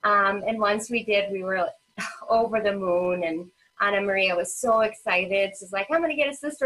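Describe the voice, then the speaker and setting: In a rough recording, a woman speaks at normal speed in a mid-range, fairly bright voice. She's a thirty-something parent advocate and children's author, guesting on a casual interview and telling a personal family story with emotion, many fillers, and acted-out quotes.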